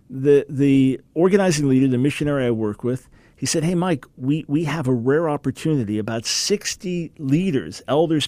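A middle-aged man preaching on a broadcast, telling stories in a lively way and acting out the people he quotes. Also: no room sound. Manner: animated storytelling, acts out quoted people with big pitch jumps.

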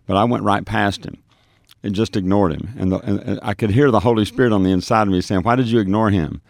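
A man with a deep, low voice tells a story of his street ministry, stumbling and restarting as he goes. He acts out the dialogue he recalls. The recording is dry and close. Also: steady tone, fast talker, vocal fry, a little mellow, dry recording. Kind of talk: telling a testimony on a radio show.

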